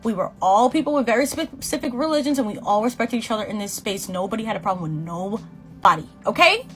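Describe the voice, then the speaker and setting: Animated young woman telling a story. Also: a little high, quick pace, soft background music. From Boston, USA. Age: 20s. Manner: animated, slangy, swearing, quotes people in voices. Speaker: beauty vlogger. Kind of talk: storytime vlog while doing makeup.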